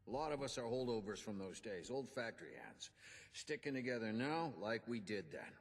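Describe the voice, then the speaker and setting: Actor for a gruff old inventor-quartermaster, folksy and showy, husky, lively pitch, reverb tail. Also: male voice, fairly quick, natural voice. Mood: earnest. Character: gruff older male union inventor and quartermaster. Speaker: game character giving quest dialogue.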